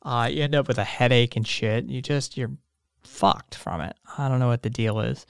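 A man's voice: mid-range voice, moderate pace, vocal fry, clear, resonant tone, no echo. A man hosting a casual solo podcast, rambling and tired, with lots of fillers, restarts and casual swearing. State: tired, yawning. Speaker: podcast host.

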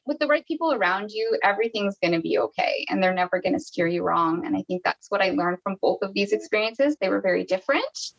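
A woman's voice: mid-range voice, gravelly, a bit bright, dull audio. A woman from Canada, a podcast guest telling a personal story in a casual, chatty way, with many restarts and quoted dialogue.

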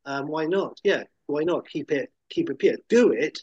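A man's voice: fairly high pitch, animated, normal speed, a little mellow, slightly rough, dry recording. A man chatting enthusiastically about films, rambling and acting out quotes. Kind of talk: casual chat about films. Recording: dull lo-fi sound.

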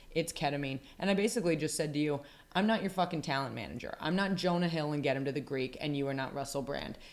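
An American woman co-hosting a podcast, chatting casually with blunt, sweary rambling. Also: low-pitched. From United States. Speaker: podcast co-host. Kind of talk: casual chat.

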